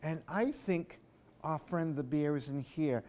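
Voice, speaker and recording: A man's voice: fairly high pitch, a little slow, darkish tone. A man reading picture books aloud for children, with playful asides to young listeners. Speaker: library storytime reader.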